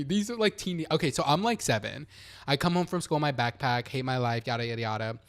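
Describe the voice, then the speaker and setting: A young man hosting a podcast, telling a childhood story in casual chat, animated and swearing, acting out the people he quotes. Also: mid-range voice, fast talker. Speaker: podcast host.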